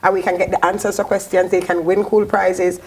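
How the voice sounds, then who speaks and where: A woman's voice: fairly low pitch, level tone, fairly quick, breathy edge, low-quality recording. A woman, a radio program facilitator explaining things steadily as a guest on a morning TV show. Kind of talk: studio guest interview.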